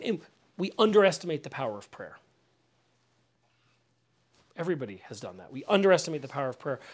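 A middle-aged man preaching a teaching sermon in a conversational way, often repeating words and putting questions to his listeners. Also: a little high. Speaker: pastor. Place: house.

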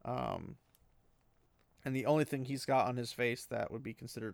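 A man with a gravelly voice recaps a fantasy book chapter in a loose, rambling way. He fills pauses with ums and small laughs. The sound is dry and close to the mic. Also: medium pitch, animated, no echo.

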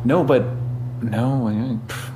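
A man's voice: medium pitch, takes it slowly, noisy background. A man in casual podcast chat, talking loosely and rambling, swearing freely. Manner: loose, rambling, profane storytelling.

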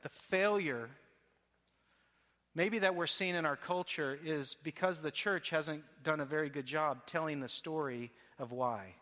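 A man's voice: a little high, measured pace, pushed and bright. A man preaching a sermon earnestly, often restarting his phrases. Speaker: pastor. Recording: long hall reverb.

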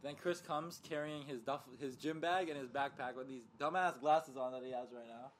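A man's voice: medium pitch, normal speed, slight background noise. A young man in casual podcast banter, teasing his co-host with laughing jabs.

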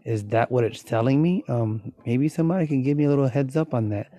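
Casting: drowsy male podcast host, mellow low-key tone, rambling chat. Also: quick pace. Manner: rambling, thinking aloud. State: sleepy, yawning. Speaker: host of a voiceover show.

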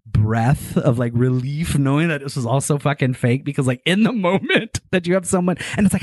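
A man telling a long story in casual chat, animated and full of filler words and swearing. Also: a little high, brisk, few pauses, no room sound.

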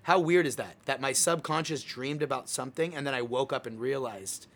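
Animated young man telling a story. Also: mid-range voice, brisk. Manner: animated storytelling, acts out his own lines. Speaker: podcast host. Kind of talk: casual chat.

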